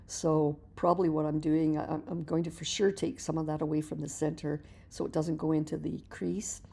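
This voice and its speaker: Woman, middle-aged, art lesson voice-over, gravelly, mellow, chatty with restarts. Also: deep voice, a little fast. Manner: relaxed, chatty, explains while working, repeats words as she restarts. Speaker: art teacher. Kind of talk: painting tutorial voice-over.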